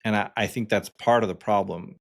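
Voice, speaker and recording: A man's voice: on the low side, fairly even intonation, fairly quick, vocal fry. A man in his forties co-hosting a podcast, chatting casually and telling stories with fillers and frequent laughs. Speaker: podcast co-host.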